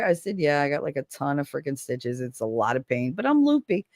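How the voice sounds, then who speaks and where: A woman's voice: low-pitched, a little fast, no echo, studio quality. A woman chatting casually on a stream, telling stories with lots of swearing and laughter, acting out the voices of the people she quotes. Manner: animated, swears freely, acts out quoted voices; laughs often. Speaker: stream co-host. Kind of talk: casual storytelling chat.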